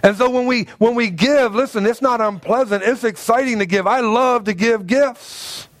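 A middle-aged man, a pastor, preaching a sermon in a church with animated, humorous storytelling and self-mocking asides. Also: very high-pitched, moderate pace. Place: church sanctuary.

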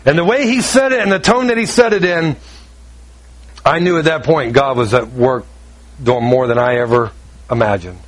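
A middle-aged man preaching a sermon, telling a personal story and acting out the dialogue with lively shifts in delivery. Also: medium pitch, moderate pace, long pauses. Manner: animated storytelling, acts out dialogue.

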